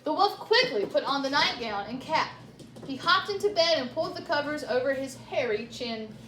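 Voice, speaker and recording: A woman reading a children's story aloud with lively, chatty asides. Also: high-pitched, moderate pace, echoey room, slight background noise. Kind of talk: animated read-aloud storytelling.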